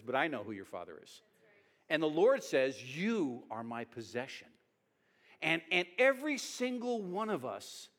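A man preaching a sermon as pastor, animated, often restarting his words, speaking in a church hall. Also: fairly high pitch.

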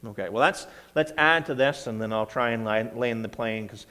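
Animated preacher in a reverberant church. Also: male voice, mid-range voice, moderate pace. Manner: conversational, animated reading of scripture with bursts of emphasis. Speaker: pastor. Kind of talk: sermon. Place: church sanctuary.

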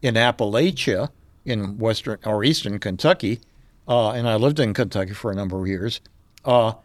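Older man, relaxed storyteller. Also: lowish voice, normal speed, no echo. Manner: storytelling, chuckles often. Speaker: podcast guest. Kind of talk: casual chat.

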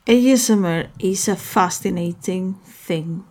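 A woman's voice: medium pitch, a little slow, a little mellow. A woman hosting a casual solo talk, rambling and often correcting herself.

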